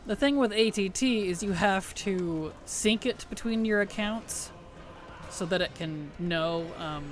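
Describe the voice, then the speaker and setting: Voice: mid-range voice, slight background noise. A streamer chatting casually while playing, laughing often and answering questions from chat.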